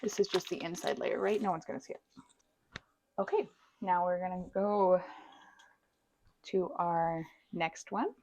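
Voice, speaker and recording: A woman's voice: on the low side, fairly even intonation, unhurried, long pauses, darkish tone. A woman baking at home who chats while she decorates a cake. She pokes fun at herself and laughs often. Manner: chatty, self-deprecating, laughs often. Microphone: wireless microphone.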